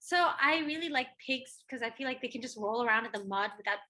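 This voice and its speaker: A young American woman talks as a guest on a casual podcast, bubbly and quick to laugh. Her voice sits high and bright, with plenty of fillers as she chats. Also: expressive. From United States. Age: young adult. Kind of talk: casual chat.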